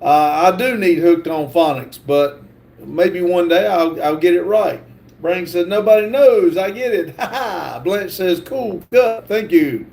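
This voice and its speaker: A middle-aged man hosting a livestream, reading viewer comments aloud haltingly and stumbling over words. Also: sits high, vocal fry, darkish tone. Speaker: livestream host reading chat. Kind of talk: casual live chat reading.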